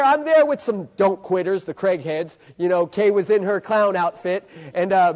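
Excitable high-voiced male preacher. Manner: animated, building suspense with repeated questions. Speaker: street preacher. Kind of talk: sermon storytelling. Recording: echoey hall.

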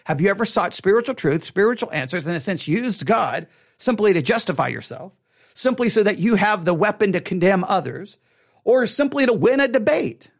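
A man who is a pastor, teaching a Bible study in an animated way, often repeating and restarting his words. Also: fairly quick. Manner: animated, acts out quoted people with rising pitch.

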